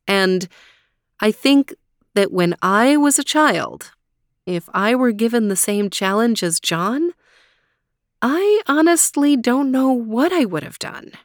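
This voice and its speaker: A woman storyteller reading a storybook aloud in a calm, measured manner, then reflecting on it. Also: mid-range voice, dry recording, clean studio sound.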